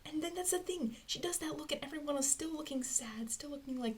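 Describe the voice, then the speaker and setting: A woman's voice: high-pitched, fairly even intonation, fairly quick, hardly any pauses, a little mellow. A woman talking to herself as she works through a fan theory, rambling and often dropping into a whisper. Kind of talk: thinking aloud to herself. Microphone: close mic, recorded alone.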